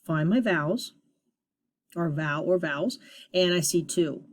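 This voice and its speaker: With a lowish voice, a woman teacher gives a recorded phonics lesson to young students. She stays upbeat and sounds out each sound deliberately.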